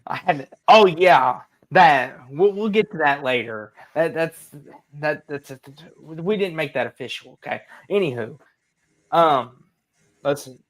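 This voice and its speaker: A man's voice: on the high side, lively intonation, unhurried. A young man co-hosting a casual sports livestream, teasing his friends and laughing as he talks. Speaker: co-host.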